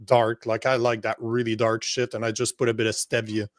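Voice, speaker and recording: A man's voice: medium pitch, level tone, a little fast, no room sound. A man from the Montreal area co-hosting a live political talk show, joking and swearing in casual banter. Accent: Montreal English. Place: home studio near Montreal.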